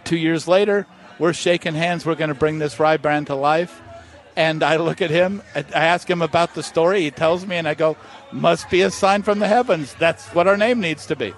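A man's voice: fairly high pitch, moderate pace. A man, a master distiller, telling stories in an interview at an outdoor festival, acting out the voices of people in his anecdotes. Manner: animated storyteller, acts out voices. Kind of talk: storytelling interview.

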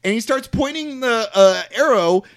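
A man's voice: very high-pitched, lively intonation, normal speed, no room sound, studio quality. A man hosting a podcast who casually retells a movie plot, rambling with fillers and the odd swear word. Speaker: podcast host.

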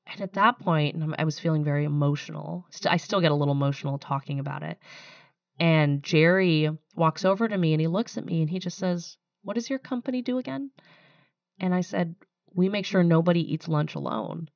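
A woman's voice: low-pitched, steady tone, fairly quick, creaky, a little mellow, dry recording, muffled recording. A young woman, a startup founder, speaking candidly in a podcast interview and telling her story with some emotion.

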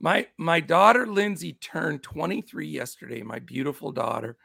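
A man's voice: on the high side, moderate pace, creaky, no room sound, studio quality. A middle-aged man with a scratchy voice hosting a casual sports betting show, upbeat as he greets his chat. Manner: upbeat, shouts out chat names. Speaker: show host.

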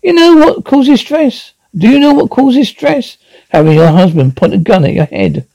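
A man's voice: extremely high pitch, animated, moderate pace, creaky, mellow, no room sound, voice pushed up, heavily acted. A man doing a prim, fretful housewife. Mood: exasperated. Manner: prim, exasperated.

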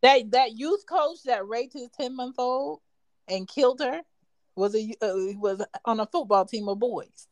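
Woman, podcast co-host, casual chat, brisk, direct, dry close sound. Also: a little high, no echo.

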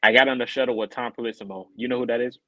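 A man co-hosting a podcast, telling a story in a casual, animated way and acting out other people's lines in a higher voice. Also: racing, dry recording, muffled recording. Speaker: podcast co-host.

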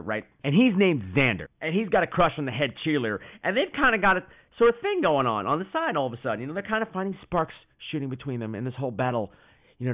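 A man hosting a podcast, telling stories in a profane, animated way. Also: fairly high pitch. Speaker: podcast host. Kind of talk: casual comedic monologue. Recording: tinny phone-like sound.

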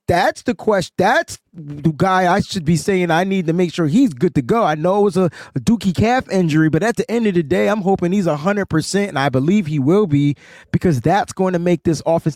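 A man with a high voice co-hosts a sports podcast. He rants with excitement and stumbles over his words as he gets going. The sound is dry and close. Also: no room sound. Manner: animated, ranting, repeats words. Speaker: podcast co-host.

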